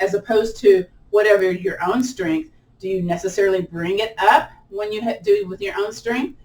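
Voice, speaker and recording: A woman leading a live online chair yoga class, chatty and encouraging, with a lilt and playful whoops during the holds. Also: mid-range voice. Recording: roomy echo, mic at a distance.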